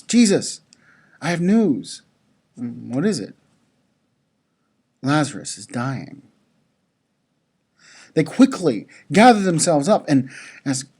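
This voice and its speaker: Slow, lively storyteller addressing children. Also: mid-range voice, slightly rough. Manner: storytelling, asks the children questions. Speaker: chapel speaker at a school. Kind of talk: children's chapel talk.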